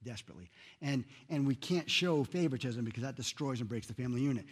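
A man preaching a sermon in a church, earnest and emphatic, rising loud then dropping soft. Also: mid-range voice, lively intonation, fast talker, slightly rough. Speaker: pastor.

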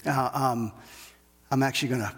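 Husky-voiced man preaching a sermon. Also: medium pitch, steady tone, normal speed, a bit bright, long reverb tail. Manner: conversational preaching with frequent restarts and "okay?" checks. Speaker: pastor.

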